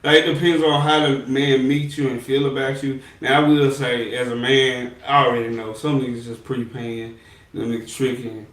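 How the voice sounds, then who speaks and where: A man's voice: mid-range voice, level tone, moderate pace, recorded from a distance. Laid-back man, echoey and off-mic. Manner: laid-back, rambling, trails off softly. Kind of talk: casual chat.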